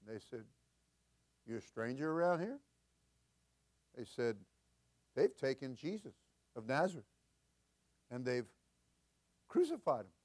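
An older man preaching as senior pastor, folksy and chuckling, building to loud emphatic peaks. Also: medium pitch, sing-song, a little slow, pauses often. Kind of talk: sermon.

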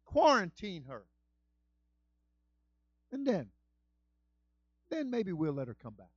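A man voicing God as a stern male deity with a measured, solemn delivery, retelling scripture in a sermon. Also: high-pitched, huge pitch swings, breathy edge, dry recording, muffled recording, full character voice.

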